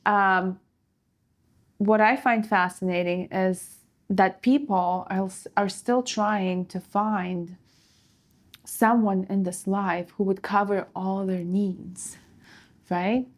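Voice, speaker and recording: A woman's voice: medium pitch, steady tone, slow pace. A woman co-hosting a podcast, chatting in a laid-back, playful and teasing way. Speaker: podcast co-host, comedian. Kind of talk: casual chat.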